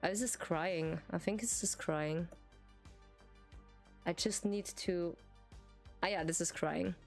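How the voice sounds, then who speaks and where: A woman streamer who is a native German speaker talks casually in English with a German accent, her voice low and gravelly as she takes things slowly. Faint music sits behind her hesitant, giggly chat, full of fillers and restarts.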